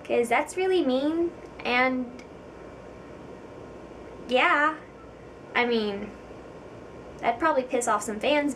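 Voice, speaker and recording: A woman's voice: fairly high pitch, a bit bright, recorded from a distance, a little hiss or hum, low-quality recording. A young woman vlogger chatting casually to camera, giggly and self-deprecating, with frequent ums.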